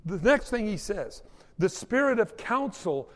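A man's voice: high-pitched, very animated, a little slow, long reverb tail. A man preaching a sermon, telling stories with quoted voices and asides. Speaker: pastor.

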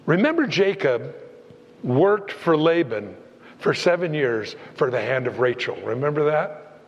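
A man preaching a sermon as pastor, animated, acting out the voices of Bible figures as he goes. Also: a little high, unhurried, lo-fi sound. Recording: long hall reverb.

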